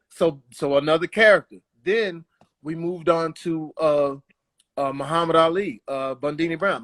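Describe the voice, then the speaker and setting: A man telling stories as a guest in a casual interview, animated and quick to slip into voices. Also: fairly high pitch. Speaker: guest, comedian and actor. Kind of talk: casual storytelling.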